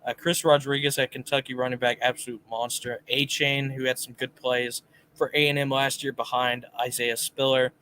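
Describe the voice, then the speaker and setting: A man's voice: medium pitch, level tone, normal speed, pushed and bright, a little hiss or hum. A man co-hosting a casual live sports talk show, reading viewer comments and giving his picks in a chatty way. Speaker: podcast co-host.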